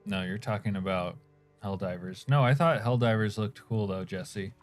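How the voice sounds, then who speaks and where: A man's voice: lowish voice, moderate pace, faint music behind. A man streaming a game, reading chat aloud and chuckling while he eats. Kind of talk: casual live-stream chat.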